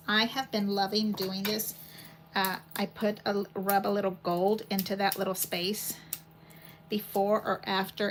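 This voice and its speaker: Chatty woman crafting at home. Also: medium pitch. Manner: chatty, rambling, thinks aloud while working. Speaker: paper crafting channel host. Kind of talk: casual craft demo chat. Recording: home recording with steady background noise.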